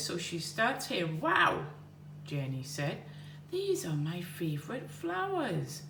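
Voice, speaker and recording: A woman teacher slowly explaining edits step by step in a classroom lesson. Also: sits low, big pitch swings, a bit bright. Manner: slow, step-by-step explaining while writing. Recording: echoey room from far off with faint hum.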